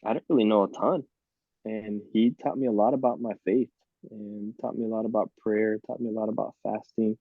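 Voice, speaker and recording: A man in his thirties from Miami, a podcast guest telling lively, laughing stories about his college baseball days. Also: fairly low pitch, brisk, no room sound, phone-quality sound. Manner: lively, laughing anecdotes with quoted voices. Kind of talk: casual storytelling on a podcast.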